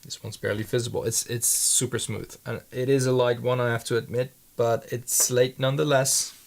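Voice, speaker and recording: A man with a gravelly, creaky voice at an ordinary pitch chats casually from his home paint studio. He thinks aloud as he works and rambles, often trailing off and restarting his sentences. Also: flat delivery, fairly quick. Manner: rambling and hesitant, many restarts. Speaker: handmade paint maker.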